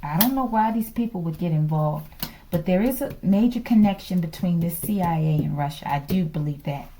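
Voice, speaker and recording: A woman gives a casual tarot reading with a mellow, fairly low voice. She speaks emphatically, leaning on her points and checking in with the audience again and again. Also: brisk, a little hiss or hum. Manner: emphatic, keeps checking in with listeners. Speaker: tarot reader.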